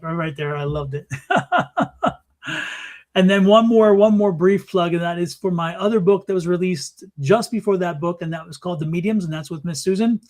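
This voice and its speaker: High-voiced chatty man co-hosting. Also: a little mellow. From Arizona. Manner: chatty and rambling, plugging his books. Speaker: co-host and author. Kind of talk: casual live-stream chat.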